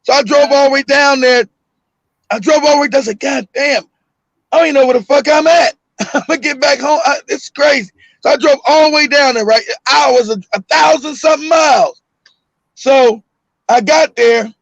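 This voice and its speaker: A middle-aged man tells a story in a loose, animated way, often laughing and shouting out the punchlines. His voice sits very high with a gravelly fry. The sound is close and dry. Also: normal speed, no room sound, rough recording. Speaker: host. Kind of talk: casual storytelling.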